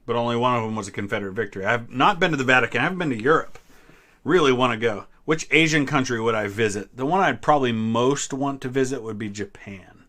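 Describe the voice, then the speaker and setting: A man in his thirties with a bright, forward voice runs a casual live-stream trivia chat. He reads viewer questions and answers them in a relaxed way, pausing with small hesitations as he goes. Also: medium pitch. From Ohio, US Midwest. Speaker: history channel host.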